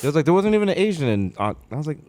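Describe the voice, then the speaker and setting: Ny guy cohosting a comedy podcast, laughing a lot, pitch all over the place, kinda high. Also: very fast, no room sound. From the Bronx, New York. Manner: animated storyteller, laughing, acting out quotes. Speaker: podcast co-host. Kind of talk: casual comedic banter.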